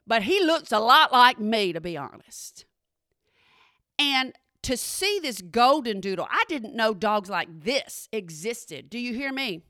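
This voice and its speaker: Chatty woman with a bright voice. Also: a little high, a little slow, no echo, clean studio sound. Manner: chatty and animated, often checks in with the listeners. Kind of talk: casual spoken storytelling.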